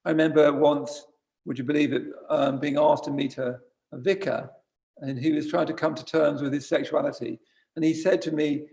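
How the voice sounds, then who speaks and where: Buddhist teacher, man, slightly higher voice with a gravelly edge, chatty and wry, stops to correct himself. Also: steady tone, normal speed, darkish tone. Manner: conversational, wry, self-correcting asides. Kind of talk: informal dharma talk. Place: retreat centre shrine room.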